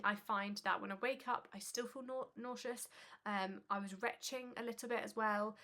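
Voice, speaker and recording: Bright-voiced woman, slightly breathless. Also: medium pitch. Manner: chatty, conversational with frequent fillers. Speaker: pregnancy vlogger. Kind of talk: casual informative vlog.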